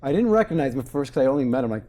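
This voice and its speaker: Mellow dentist guy in his 40s, chatty, acts out what his patients said. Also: mid-range voice, racing. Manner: animated storyteller, acts out quotes. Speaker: dentist guest. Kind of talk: casual interview talk.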